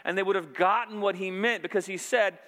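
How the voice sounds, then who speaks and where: A man preaching a sermon, pitched a little high for a man. He retells the scene earnestly, quoting lines along the way. His voice rings out with a long hall reverb behind it. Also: a little fast, a bit bright. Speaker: pastor.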